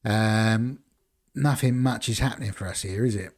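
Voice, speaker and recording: A man's voice: fairly low pitch, normal speed, a little mellow. A man casually commentating as he plays a football management game on a live stream, rambling and chatting to viewers between decisions. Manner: rambling, chatty, talks to chat between choices.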